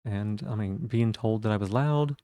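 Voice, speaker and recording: A man with vocal fry, musing thoughtfully in casual live-stream chat. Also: fairly low pitch, moderate pace, dark tone, dry recording, clean studio sound. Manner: thoughtful, musing, self-reflective.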